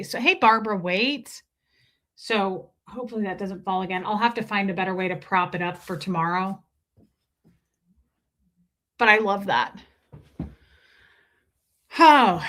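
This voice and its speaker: Bright-voiced young woman streamer chatting. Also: medium pitch. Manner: chatty, swearing freely, storytelling. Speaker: livestream host. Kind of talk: casual livestream chat.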